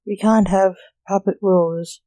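A storyteller reading the lines of a talking red fox who asks blunt, probing questions, in a slow, mellow voice. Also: medium pitch, fairly even intonation, dry recording, lightly acted, rough recording.

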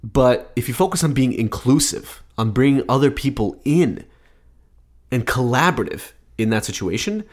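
A man co-hosting a podcast, giving earnest advice in a steady manner with dry quips. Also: medium pitch, normal speed. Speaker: podcast co-host. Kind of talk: advice talk and casual chat.

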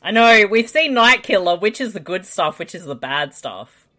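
A woman's voice: medium pitch, very animated, moderate pace, pushed and bright. A woman casually riffing on an old film with friends, blunt and sarcastic. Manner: sarcastic, blunt, laughs a lot. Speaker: film commentary co-host.

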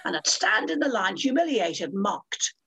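Older woman, podcast guest; husky, animated, theatrical storyteller. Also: mid-range voice, measured pace, rough recording. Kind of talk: storytelling interview.

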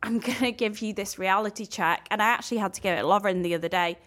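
A woman's voice: medium pitch, fast talker, fairly bright tone. A young woman co-hosting a casual podcast, blunt and frank, handing out tough-love advice. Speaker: podcast co-host. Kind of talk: casual chat.

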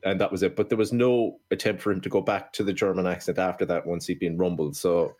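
A man's voice: low voice, steady tone, fast talker, a little mellow. An Irish man co-hosting a film-review podcast, ranting bluntly with plenty of swearing. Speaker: podcast co-host. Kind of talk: casual film-review chat.

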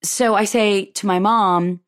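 A woman hosting a podcast, telling a personal story in a lively way and acting out what people said. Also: slow pace, clear, resonant tone. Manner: animated, acts out quoted dialogue with big pitch jumps. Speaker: podcast host.

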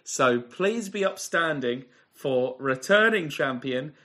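Man doing a plummy, pompous, slightly unhinged theatre critic with a swooping delivery, slow and grand. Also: a little high, expressive, a bit bright. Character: pompous older male theatre critic, murderous eccentric. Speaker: co-host. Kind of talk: comedy podcast character bit.

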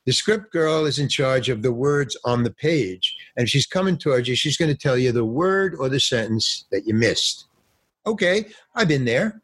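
Older husky man telling lively stories. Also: mid-range voice. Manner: animated storyteller, acts out other people's lines; swears and uses casual slang. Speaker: guest actor. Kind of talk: casual anecdote telling.

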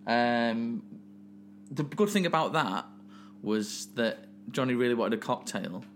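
A man's voice: medium pitch, measured pace, a little hiss or hum. A man in his late twenties, co-hosting a podcast, telling stories in a teasing, chatty way. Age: 20s. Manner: chatty, laughing, teasing storyteller. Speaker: podcast co-host. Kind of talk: casual banter.

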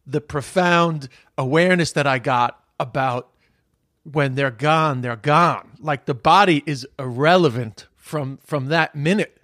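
A man's voice: on the high side, measured pace, a bit bright, dry recording, clean studio sound. A comedian talking casually and reflectively, often stammering as he restarts sentences. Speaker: podcast host, comedian. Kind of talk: casual chat.

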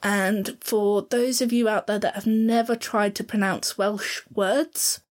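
A woman with a Southern English accent, talking in a casual podcast-chat style. Her pitch sits at an ordinary middle height for a woman. She rambles along warmly and self-deprecatingly, as if talking to a friend. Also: fairly even intonation, takes it slowly. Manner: chatty and self-deprecating, apologises for her pronunciation. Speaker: podcast co-host.

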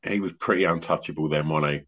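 A middle-aged man hosting a podcast on a video call, a rambling, animated storyteller who often restarts his sentences. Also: extremely low pitch, fast talker. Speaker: podcast host and DJ. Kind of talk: casual chat on an online call. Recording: muffled lo-fi online call audio.

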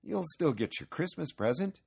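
A man voicing a calm, patient old farmer in a storybook reading, low, mild and dry. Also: normal speed, vocal fry, slightly rough, exaggerated voice.

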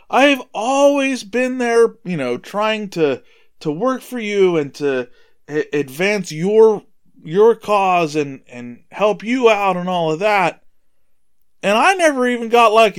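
A man's voice: sits high, clear, resonant tone. A man voicing a resentful grown older son, complaining in an aggrieved tone.

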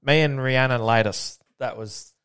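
A man's voice: mid-range voice, moderate pace, a bit bright, smooth, dry recording, clean studio sound. A man co-hosting a podcast in laid-back casual chat, swearing and laughing easily. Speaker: podcast co-host.

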